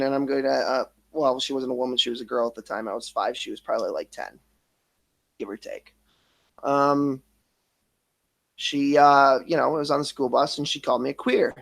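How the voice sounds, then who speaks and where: A man in his thirties speaks on his stream about his past, emotional and close to tears. He swears constantly, stops and restarts his sentences, and trails off. His voice sits a little higher than most men's. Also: fairly bright tone. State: emotional, near tears at times. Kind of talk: emotional personal confession.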